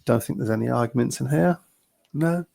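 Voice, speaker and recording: Gravelly-voiced man hosting a podcast. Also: medium pitch, brisk, warm tone. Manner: chatty, chuckles often, reads out messages. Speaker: podcast host reading listener messages. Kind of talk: casual chat.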